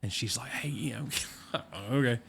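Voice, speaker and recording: A man of middle pitch hosts a podcast in an easygoing, conversational way. He tells anecdotes and laughs along with his guest, over a faint hiss of background noise. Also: unhurried, creaky, a bit bright. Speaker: podcast host. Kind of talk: casual chat.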